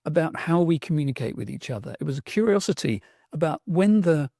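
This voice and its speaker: Warm, dry-sounding London man. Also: a little high, expressive, a little fast, vocal fry, no room sound. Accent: South London. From England. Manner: enthusiastic, reflective storyteller with restarts. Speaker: guest, sound artist. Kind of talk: conversational podcast interview.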